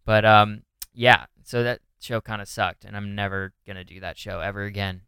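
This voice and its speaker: A man's voice: fairly low pitch, steady tone, moderate pace, bright, forceful tone, smooth, no room sound. A young man from Northern California, a stand-up comedian co-hosting a podcast, chatting casually and rambling with many fillers while acting out quotes. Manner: rambling, lots of "like" and restarts, acts out quotes. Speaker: podcast co-host. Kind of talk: casual chat.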